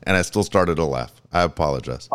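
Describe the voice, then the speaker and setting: A man co-hosting a radio show in casual chat, reacting quickly and laughing easily. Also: very deep voice, a bit bright, clean tone. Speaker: radio co-host.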